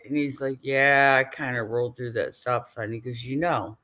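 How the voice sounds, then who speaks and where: A woman's voice: a bass voice, fairly even intonation, moderate pace, a bit bright. An older woman, a grandmother, chatting casually and telling a story, acting out the people she quotes and laughing often. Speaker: host.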